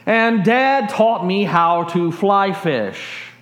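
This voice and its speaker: A male pastor preaching a sermon as a lively story, stringing his sentences together with "and" as the excitement builds. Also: sits high, drawn-out words. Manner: animated, builds excitement in long chains of "and". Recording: roomy echo.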